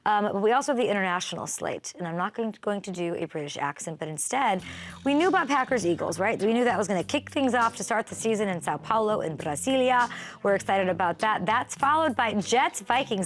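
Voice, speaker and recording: A woman hosting a sports talk show, delivering an excitable, energetic monologue that swings widely in pitch. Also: fairly quick, faint music behind.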